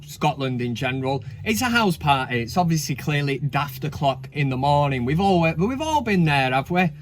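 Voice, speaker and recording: Cheeky, swearing man, slightly high voice. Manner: cheeky, swears freely, chatty asides. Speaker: host. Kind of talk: casual comedic countdown commentary.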